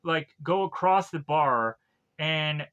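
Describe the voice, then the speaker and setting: A male streamer with a bright, slightly raised voice, rambling loosely through a movie recap. He talks casually and piles in fillers and tangents. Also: a little high, slow pace, smooth, highs cut off. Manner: rambling, full of fillers and laughs.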